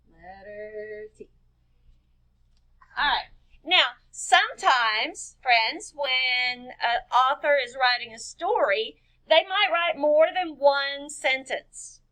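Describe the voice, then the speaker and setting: High-voiced, slow, patient teacher woman. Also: animated, bright, forceful tone. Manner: patient, spells words out letter by letter; asks children questions and answers them herself. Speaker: kindergarten-level teacher. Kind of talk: recorded writing lesson for young children.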